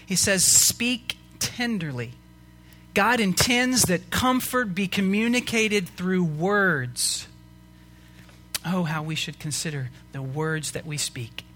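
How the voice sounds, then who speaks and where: A man's voice: high voice, slow pace, sharp tone. A man preaching a sermon as pastor, earnest and rising to emphatic questions to the congregation.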